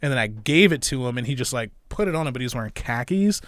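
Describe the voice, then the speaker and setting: A young comedy club manager from Illinois, guesting on a podcast, tells casual stories in an animated, quick, medium-pitched voice that's a bit bright. He's loose and profane, laughing often and acting out other people's voices. The studio-quality recording has no room sound.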